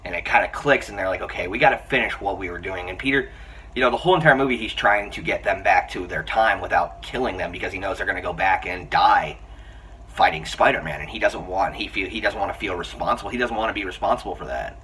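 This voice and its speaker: A man giving a casual spoken film review, retelling scenes in an excited, rambling way with many restarts. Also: sits low, fast. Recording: slightly distant mic, faint room hiss.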